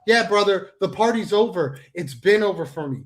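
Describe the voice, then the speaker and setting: Angry man ranting with curses, fairly high voice. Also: animated, moderate pace. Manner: angry, profane, repetitive, with mocking voices. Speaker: pro wrestler and guest. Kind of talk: heated promo-style rant.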